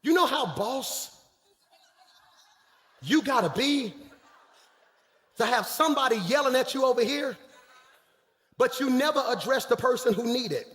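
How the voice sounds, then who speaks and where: High bright-voiced pastor preaching loud. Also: male voice, expressive, measured pace, long pauses, big-room sound. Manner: preaching in Black church style, shouting and dropping to a hush. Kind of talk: sermon.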